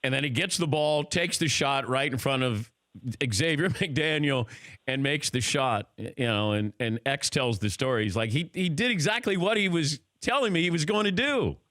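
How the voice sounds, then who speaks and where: A man hosting a sports radio show, laughing along with a guest and reading brisk teases. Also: fairly high pitch, a bit bright, no room sound, studio quality. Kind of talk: casual radio chat. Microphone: studio mic.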